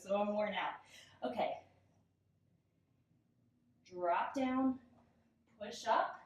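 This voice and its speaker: A young woman guides a yoga workout while doing it herself, breathless from the effort and quick to laugh at her own struggles. Her mid-pitched voice sits a few steps from the mic and bounces around a very echoey room. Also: distant mic. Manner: giggly, self-deprecating, chatty. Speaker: yoga instructor. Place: room, instructor moving on a mat. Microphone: camera mic at a distance.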